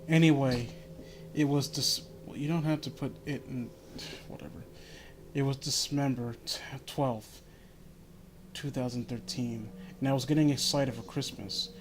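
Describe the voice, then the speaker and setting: A man's voice: mid-range voice, a little mellow. A man reading an amateur horror story in the first person, breaking off for wry offhand asides. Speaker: reader of a horror fan story. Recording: noisy home recording.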